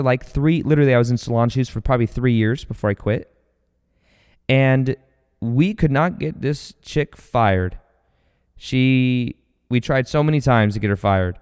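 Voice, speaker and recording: Energetic rambling man, smooth and echoing. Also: mid-range voice. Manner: rambling, energetic, with many fillers and restarts. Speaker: podcast host. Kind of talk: casual storytelling monologue. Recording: long hall reverb.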